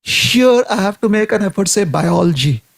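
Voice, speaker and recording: Man, devotional speaker, deliberate delivery, rhetorical tag questions, raised pitch, creaky edge. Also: expressive, dry recording. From India. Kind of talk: devotional talk.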